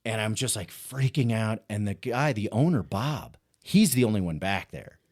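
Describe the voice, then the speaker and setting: A male stand-up comedian telling a story as a podcast guest, animated and self-mocking, often laughing as he talks. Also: lowish voice, normal speed. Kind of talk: casual storytelling chat.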